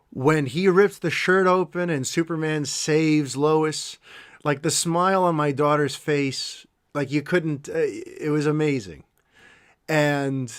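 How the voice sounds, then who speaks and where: A middle-aged man hosting a podcast, telling a heartfelt story in an animated, emotional way, with quick asides. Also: fairly high pitch. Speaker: podcast host. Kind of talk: casual podcast monologue.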